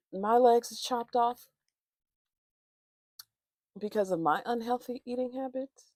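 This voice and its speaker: A woman's voice: a little high, slow pace, darkish tone, no echo, clean studio sound. A woman vlogger chatting casually, telling a rambling, profane, candid story with many restarts.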